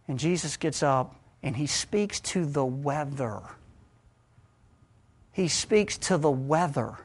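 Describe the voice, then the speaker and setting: A man preaches a sermon with dramatic swings in loudness. He drops to hushed, low passages and then builds back up to loud, forceful stretches.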